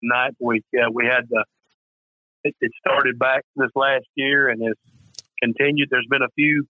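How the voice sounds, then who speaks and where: A man's voice: mid-range voice, level tone, a little slow, no room sound. Man from mississippi, pastor calling in, enthusiastic, tinny phone line, dry. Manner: upbeat and enthusiastic, with some hesitations. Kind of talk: phoned-in call-in conversation.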